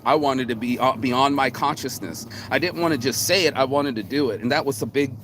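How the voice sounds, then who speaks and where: A man talks straight into his phone outdoors, rambling and cocky, swearing freely as he circles back over his points. His pitch sits in the middle for a man. Faint traffic noise hums behind him. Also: brisk, a bit bright. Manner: profane, cocky, rambling with restarts. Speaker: vlogger. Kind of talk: rambling casual monologue. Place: outdoors in the sun.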